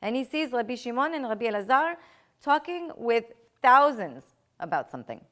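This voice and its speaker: Woman teacher, fairly high voice, emphatic and repetitive, rhetorical questions to a class. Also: sing-song, moderate pace, a bit bright. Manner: emphatic, repeats key phrases, asks rhetorical questions. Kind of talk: lecturing a live class.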